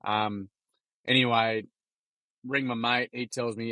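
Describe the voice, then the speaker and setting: A man's voice: medium pitch, fairly even intonation, slow, pushed and bright, no room sound. Blunt Australian man telling stories. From Gold Coast, Queensland, Australia. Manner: blunt, swears freely, heavy on mate and like. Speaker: podcast guest. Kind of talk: candid conversational storytelling.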